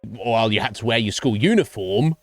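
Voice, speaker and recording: A man's voice: lowish voice, expressive, brisk, no room sound, faint music behind. A man streaming and chatting casually with his viewers, rambling and swearing freely. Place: home streaming setup.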